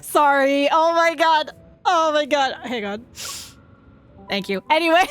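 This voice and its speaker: A young woman streaming a game, excitable and giggly, gushing as she reads the dialogue aloud. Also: high-pitched, unhurried, pauses often. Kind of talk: gaming livestream commentary. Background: game music.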